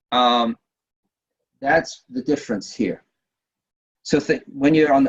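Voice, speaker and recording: A man leads an online workshop, his voice husky and lively, rising and falling as he explains. He often restarts phrases and tags on a quick "right?". The sound is dull and lo-fi, like a webinar recording. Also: medium pitch. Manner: lively, repeats himself, asks the audience "right?". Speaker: workshop trainer. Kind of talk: webinar teaching.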